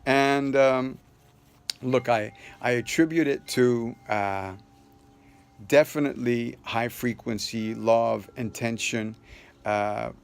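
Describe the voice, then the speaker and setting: A man's voice: mid-range voice, vocal fry. A man casually telling a personal story to the camera in a loose, rambling way, full of fillers and restarts. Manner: earnest, upbeat sign-off. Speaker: vlogger sharing a personal story.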